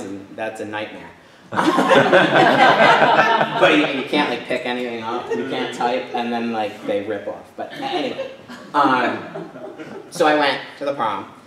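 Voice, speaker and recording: Over a noisy crowd, a man from Rhode Island speaks in a mid-range voice at normal speed, captured from a distance in an echoey church hall. As the guest speaker, he gives a chatty, casual personal talk full of fillers and tag questions.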